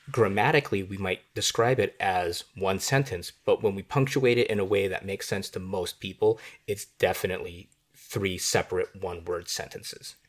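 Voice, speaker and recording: Lower-voiced man teaching writing craft. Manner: conversational, often asks "right?". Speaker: writing instructor. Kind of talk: explanatory lesson on writing.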